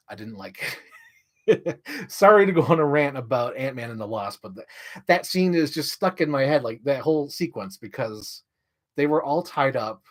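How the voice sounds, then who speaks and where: A young man ranting casually on a livestream, rambling with lots of "like" and jumping up in pitch when he gets excited. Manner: rambling, heavy use of "like", restarts mid-sentence; animated, voice jumps up when excited.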